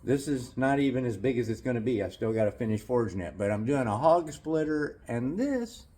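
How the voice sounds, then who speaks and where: A man's voice: medium pitch, expressive, brisk, mellow, breathy edge. A man making a small knife in his workshop, chatting casually and thinking aloud as he works. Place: forge workshop.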